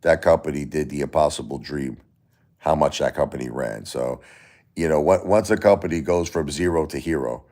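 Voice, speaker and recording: A man's voice: rumbling low, moderate pace. A man with a Brooklyn New York accent, hosting a casual livestream and chatting with viewers as he reads their comments aloud. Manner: animated, reads chat aloud, mock-Italian tough-guy phrases. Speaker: livestream host.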